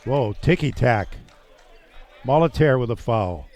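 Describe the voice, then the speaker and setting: A man's voice: medium pitch, animated, unhurried, darkish tone. A man calling a live basketball game play by play, chatty and thinking aloud as he goes. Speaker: play-by-play announcer.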